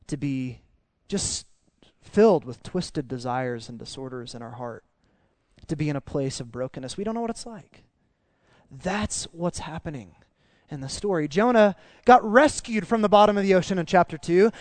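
Animated, high-voiced male preacher. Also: dry recording. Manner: animated, emphatic preaching with repeated restarts. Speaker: pastor. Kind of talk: sermon.

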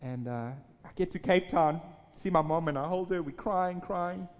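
A man's voice: sits high, normal speed. A man, a pastor, telling a personal story in a sermon, earnest and full of restarts. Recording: reverberant hall.

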